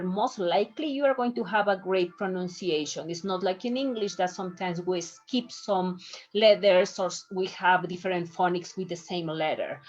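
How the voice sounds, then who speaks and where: A woman teaching a recorded online lesson, enunciating words slowly and deliberately. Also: on the low side. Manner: slow, careful delivery, stretches out example words; clear, deliberate enunciation of each syllable. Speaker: Spanish teacher. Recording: dull lo-fi recording.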